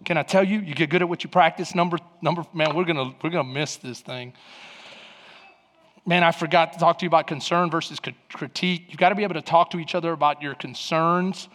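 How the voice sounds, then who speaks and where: A man preaching a sermon, telling stories animatedly with bursts of shouting. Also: fairly high pitch, fairly even intonation, fast, big-room sound. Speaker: pastor.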